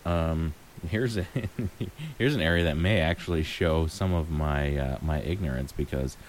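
A man's voice: rumbling low, measured pace, a little hiss or hum. A man chatting casually about a movie, musing aloud with frequent ums and light laughs. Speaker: co-host reviewing a movie. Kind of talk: casual chat.

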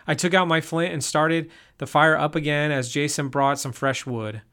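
A man narrating a first-person story in an even, steady reading voice. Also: a little high, normal speed, smooth.

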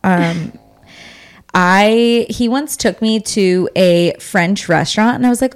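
A young woman co-hosts a podcast, chatting animatedly and casually with plenty of fillers. Her voice is medium-pitched and moves at a normal speed.

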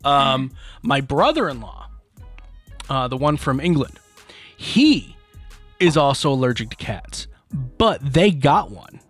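A man's voice: mid-range voice, sing-song, slow, pauses often, a bit bright, faint music behind. A man co-hosting a podcast in casual chat, joking and restarting his sentences a lot. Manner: chatty, stammering restarts, jokey. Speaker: podcast co-host.

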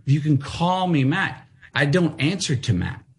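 A middle-aged man with a lilt spins an animated tale, his voice swooping up and down as he acts out the people in it. He sits a touch high in pitch and carries the story with bursts of energy. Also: unhurried. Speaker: guest. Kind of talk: casual interview storytelling.

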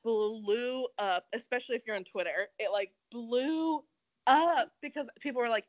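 A woman's voice: fairly high pitch, moderate pace, no echo, rough recording. A young woman casually chatting as a podcast co-host, telling a story with lots of "like" and acting out quotes. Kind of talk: casual chat.

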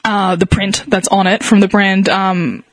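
A woman's voice: mid-range voice, fairly even intonation, unhurried, no echo. A woman explaining a hobby in casual chat, with many fillers and light laughs.

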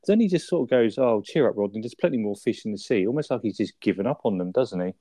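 A man with a lowish, mellow voice chats loosely about a sitcom episode, laughing and swearing as he quotes the characters. The recording is dry and close. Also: lively intonation, fast, no echo. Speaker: podcast co-host. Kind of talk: casual chat reviewing a sitcom episode.

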